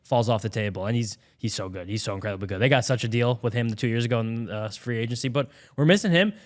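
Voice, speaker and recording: A young man talks fast and rambles through a casual sports podcast chat. His pitch sits in the middle, and he piles one thought on top of the next. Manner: fast, rambling, animated baseball talk. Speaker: podcast co-host.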